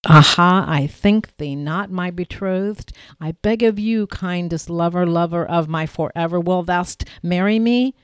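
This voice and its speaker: A woman's voice: fairly low pitch, measured pace, hardly any pauses, clear, resonant tone, no echo, lightly acted. A woman voicing a playful, charming young man who teases in mock-archaic speech.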